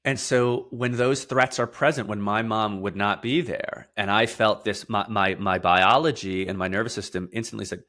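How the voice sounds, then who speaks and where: A man with a fairly low voice talks as an interview guest. He explains with emphasis, stacking words into lists and repeating his key phrases. At weighty points he turns quieter and slower. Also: fairly even intonation. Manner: drops to a quieter, slower, lower delivery for heavy points. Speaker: podcast guest, somatic therapist.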